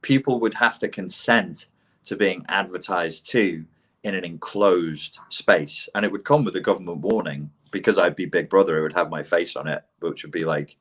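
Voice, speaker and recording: A man's voice: low voice, normal speed. A middle-aged man with a posh English accent, telling blunt, profane stories as a podcast guest. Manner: blunt and profane, animated storytelling. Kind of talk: casual conversation.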